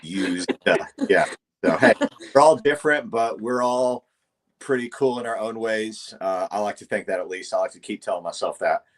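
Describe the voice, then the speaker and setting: A man's voice: on the low side, normal speed. A man from Tennessee with a Southern US accent, co-hosting a podcast in an easygoing way. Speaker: podcast co-host. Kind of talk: casual podcast chat.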